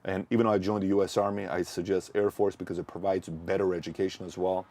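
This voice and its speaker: A man's voice: low-pitched, level tone, quick pace, dark tone. A man hosting a business channel, giving a motivational talk with punchy rhetorical questions and emphatic repetition. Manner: emphatic, repeats key points.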